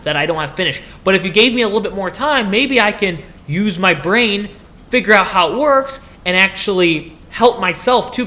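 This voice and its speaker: Young male student vlogger, bright and high, animated comic ranter who acts out his stories. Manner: animated complaining, acts out dialogue. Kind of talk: comedic rant to camera.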